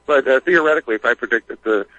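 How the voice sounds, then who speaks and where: A regular caller from Philadelphia phones in to a radio show, rambling hesitantly with many fillers. His mid-range voice is rapid-fire and fairly bright, without echo, over a dull phone line.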